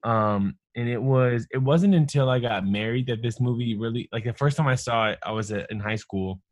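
A man's voice: medium pitch, normal speed, no room sound, studio quality. A man in his thirties, a married father, talking casually and reflectively on a podcast, in long earnest phrases. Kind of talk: casual chat.

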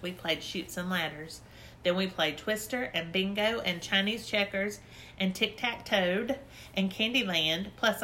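Audiobook narrator: woman, bright tone, lively childlike telling. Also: mid-range voice, a little hiss or hum. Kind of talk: storybook reading.

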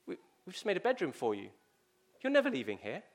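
A man voicing a warmly insistent welcoming family. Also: sits high, huge pitch swings, fast, exaggerated voice. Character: kind welcoming family of a large household.

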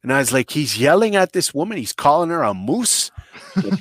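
This is a man telling a comic story. He talks in a blunt, rambling, profane way and jumps into loud impressions, so his pitch swings a great deal. The voice sounds dry and close to the mic. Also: sing-song, a little fast, breathy edge, dry recording. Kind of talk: improvised comedic storytelling.

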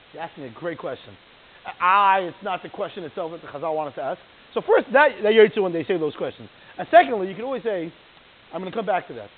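A man giving a Torah class in an animated, fast yeshiva cadence, his talk full of Hebrew terms. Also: high voice. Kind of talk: Torah lecture. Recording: tinny phone-like line with hiss.

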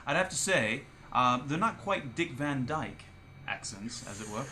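A man co-hosting a radio chat, opinionated and blunt, halting at times. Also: mid-range voice, lively intonation, sharp tone, a little hiss or hum. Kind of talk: casual radio banter.

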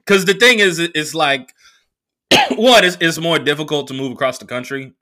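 A young man, a comedian from the Bay Area, telling a profane, animated story in casual talk and acting out the voices he quotes. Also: fairly high pitch, moderate pace. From San Francisco Bay Area. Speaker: comedian podcast host.

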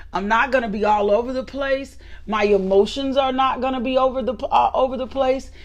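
A woman leading a morning devotional, moving from murmured repeated thanks into emphatic, restless preaching with many fillers and restarts. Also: a little high. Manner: fervent, repetitive prayer building to emphatic preaching; fillers and restarts, talks directly to listeners.

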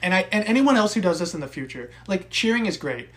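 A young man co-hosting a casual podcast, recapping a wrestling match with profane, animated rants. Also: high-pitched, fast. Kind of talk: casual chat.

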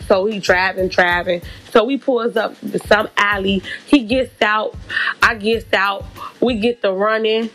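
A woman telling a personal story in a casual, animated and profane storytime monologue. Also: medium pitch, measured pace, soft background music. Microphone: podcast mic.

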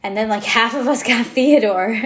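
A woman's voice: a little high, moderate pace, fairly bright tone. Chatty young woman in an echoey room. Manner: chatty, laughing, filler-heavy. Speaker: podcast co-host. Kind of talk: casual chat.

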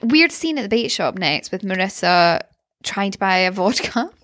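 A woman's voice: mid-range voice, lively intonation, normal speed, a bit bright, dry recording, studio quality. A young Glaswegian woman co-hosting a podcast, talking bluntly and with indignation, using local slang. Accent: Scottish, Glaswegian. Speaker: podcast co-host. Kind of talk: casual chat recapping a TV episode.

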